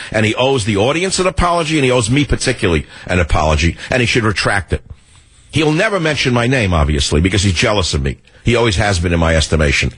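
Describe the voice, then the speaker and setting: A man's voice: fairly low pitch, fairly bright tone, husky. A male radio talk show host delivering a combative, sarcastic monologue.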